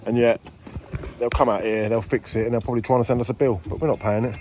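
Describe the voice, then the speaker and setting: Filming a casual vlog at an outdoor site, the man rambles and jokes about running his landscaping business. His medium-pitched voice is fast, a little mellow and fairly even in intonation, with slight background noise.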